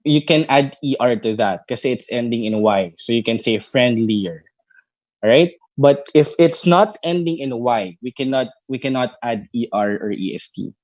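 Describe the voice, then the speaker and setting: Filipino male review coach, mid-pitched, dry close sound, keeps asking "no?" to check in. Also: normal speed, darkish tone, no echo. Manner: explanatory, with frequent tag questions. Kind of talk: live online grammar lecture.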